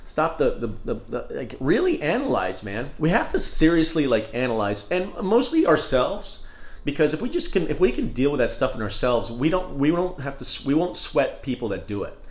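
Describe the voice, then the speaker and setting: A man's voice: fairly high pitch, very animated, moderate pace. A man hosting a casual solo podcast, talking in a rambling, candid and profane way. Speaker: podcast host. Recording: roomy echo.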